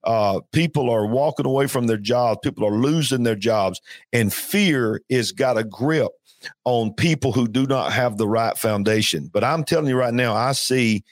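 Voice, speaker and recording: A man's voice: mid-range voice, moderate pace, dry recording. Man, call-in show host, emphatic preaching tone, earnest, dry close sound. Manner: earnest, emphatic, with frequent restarts. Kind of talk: preaching-style call-in talk.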